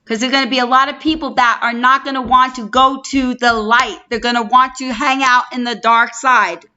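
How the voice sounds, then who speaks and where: Greeting viewers by name, this livestream host chats effusively in a casual way. She's a middle-aged New Yorker with the accent to match, her voice on the high side, bright and forceful, fairly even in intonation and a little fast. The audio is dull lo-fi stream sound.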